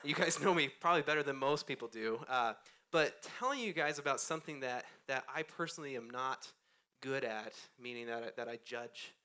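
A man's voice: mid-range voice, fairly quick, sharp tone, smooth. A man in his thirties preaching a casual, conversational sermon on a church stage, speaking close into a microphone, self-deprecating and often laughing as he talks. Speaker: pastor. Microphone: close handheld or stand microphone.

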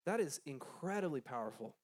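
A man's voice: a little high, sing-song, a little fast. A man teaching a Bible lesson to a group, reading scripture aloud, then explaining it in a conversational way and quizzing his listeners. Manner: conversational, asks the group questions, frequent restarts.

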